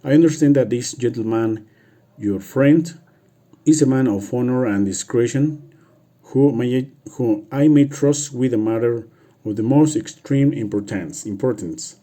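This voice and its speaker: A man's voice: mid-range voice, warm tone, close to an everyday voice. A man reading a secretive masked nobleman. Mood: guarded. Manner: halting read-aloud with restarts.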